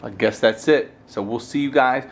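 An American man chatting casually with his toddler on camera, using playful baby talk and high, coaxing questions. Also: moderate pace, a little hiss or hum. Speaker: parent vlogger.

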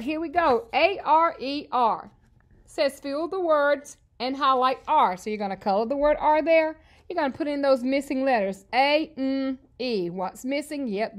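A woman teaching an early reading lesson to young children, spelling out words letter by letter in an upbeat, encouraging way. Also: fairly high pitch. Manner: slow, clear spelling out of letters.

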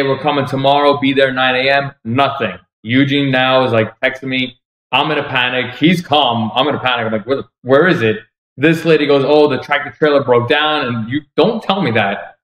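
Exasperated New York man, echoey room. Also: mid-range voice. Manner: animated, exasperated retelling with quoted dialogue. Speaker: vlogger. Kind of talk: casual storytelling vlog.

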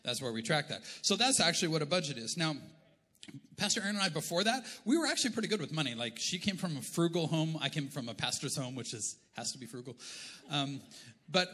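A man's voice: fairly high pitch, expressive, fast, pushed and bright. A middle-aged Canadian man preaching a sermon as pastor, in a conversational, joking way. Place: church auditorium. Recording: long echo of a large church hall.

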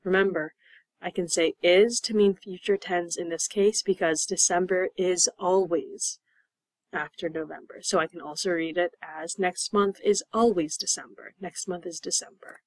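A young woman teaching English as a second language, explaining slowly and patiently, repeating words and spelling them out. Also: lowish voice, fairly even intonation, no echo, rough recording. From United States. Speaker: ESL teacher. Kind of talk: slow, clear classroom explanation.

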